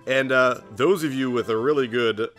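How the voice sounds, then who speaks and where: A young man hosting a let's play, giving jokey, excitable commentary on his gameplay. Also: moderate pace, soft background music. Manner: jokey, excitable, jumps into squeaky put-on voices.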